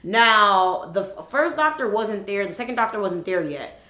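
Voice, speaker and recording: Bright, animated young woman telling a story. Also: medium pitch, normal speed. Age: 20s. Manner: animated, profane, expressive storyteller. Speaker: vlogger. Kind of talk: storytime vlog. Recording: roomy echo.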